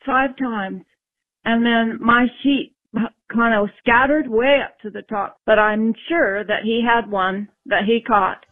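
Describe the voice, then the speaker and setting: Slow-talking woman caller on the phone. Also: on the high side, no room sound. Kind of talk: phoned-in storytelling. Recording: tinny phone line.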